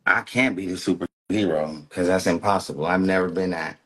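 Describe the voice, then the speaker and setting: A man's voice: low-pitched, brisk, fairly bright tone. A man chatting as a guest on a live stream, rambling and joking, talking in circles. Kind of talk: casual live stream chat.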